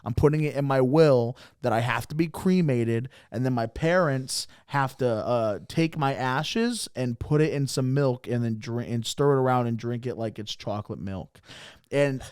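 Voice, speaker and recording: A man's voice: mid-range voice, normal speed, a little mellow, clean tone, dry recording, studio quality. A man co-hosting a comedy podcast, rambling through casual banter and chuckling between jokes.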